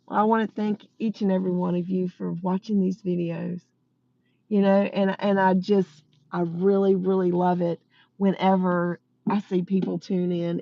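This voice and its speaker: A woman's voice: mid-range voice, gravelly, no echo, muffled recording. A woman talking to viewers in an earnest, repetitive, encouraging way on a live stream from outside her workplace. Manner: earnest, repeats herself, talks to viewers directly. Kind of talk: casual inspirational monologue.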